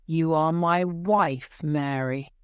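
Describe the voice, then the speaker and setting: A woman's voice: low-pitched, takes it slowly, smooth, no echo, clean studio sound. A woman voicing a jealous, mocking young husband who taunts his wife.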